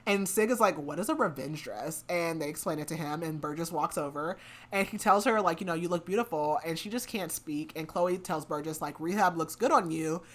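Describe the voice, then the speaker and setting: Woman podcast host, slightly low voice, chatty plot recap with lots of "like" and half-acted lines. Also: brisk. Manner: animated retelling with lots of "like", half-acting the quotes. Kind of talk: casual book recap.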